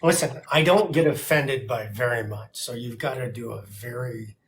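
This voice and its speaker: A man's voice: mid-range voice, moderate pace, a little hiss or hum. A man in a casual livestream group chat, laid-back and stammering a little as he starts, speaking over a video call. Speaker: livestream guest.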